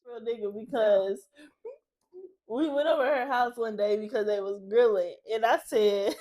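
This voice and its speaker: A young adult woman co-hosts a casual podcast, talking bluntly and cursing freely while acting out conversations. Her voice sits fairly high. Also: normal speed, darkish tone. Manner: blunt, profane, acts out quoted lines. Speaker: podcast co-host. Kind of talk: casual chat.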